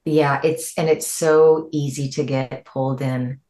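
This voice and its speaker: A middle-aged woman, a guest musician, chats in a casual interview, animated and laughing easily. Her voice jumps high whenever she quotes people.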